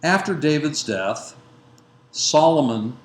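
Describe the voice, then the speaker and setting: A man giving a lecture that retells a biblical narrative. He speaks in a measured way, with frequent fillers and self-corrections. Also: a little high, expressive. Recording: roomy echo with faint background noise.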